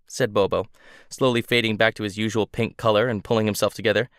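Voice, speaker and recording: A man reading a first-person science fiction story aloud in a steady, measured way. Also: on the low side, clean tone, dry recording, clean studio sound. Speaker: audiobook narrator. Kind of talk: scripted first-person narration.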